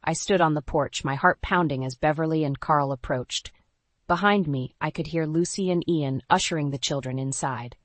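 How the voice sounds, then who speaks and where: A woman tells a dramatic story in the first person, earnest and steady. Her voice sits low, and the recording is close and dry, with no room around it. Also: normal speed, dry recording. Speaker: narrator.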